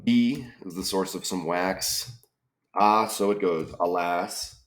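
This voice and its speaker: Slow and deep, a man thinks aloud while solving a crossword puzzle. His musings are tentative, and he frequently trails off with questions.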